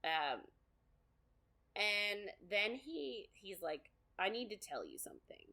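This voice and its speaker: A woman's voice: medium pitch, big pitch swings, takes it slowly, vocal fry, pushed and bright. A woman co-hosting a podcast, chatting casually through a book recap with lots of fillers and quoted asides. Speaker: podcast co-host.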